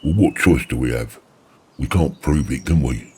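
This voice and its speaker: Very deep man, weary grumble. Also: moderate pace, dark tone, slightly rough. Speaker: roleplay partner. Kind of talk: casual roleplay chat.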